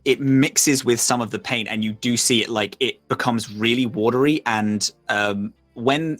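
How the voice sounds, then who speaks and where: A man narrating as game master, rambling with lots of fillers and slipping into quick voices for side characters. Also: medium pitch, fairly bright tone.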